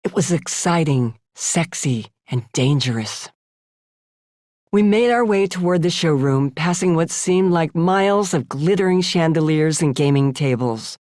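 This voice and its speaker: A woman's voice: low voice, animated, measured pace, darkish tone, no echo, studio quality. Wry older woman reading her memoir. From United States. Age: 70s. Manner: wry, conversational storytelling. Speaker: author narrating her memoir. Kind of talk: audiobook memoir narration. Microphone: close studio mic.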